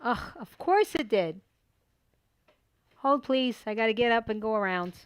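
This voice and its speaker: A middle-aged woman hosting a papercraft tutorial, chatting casually and excitedly while she works and talking herself through each step at her desk at home. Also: fairly high pitch, unhurried, clear, resonant tone. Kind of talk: casual crafting tutorial chat.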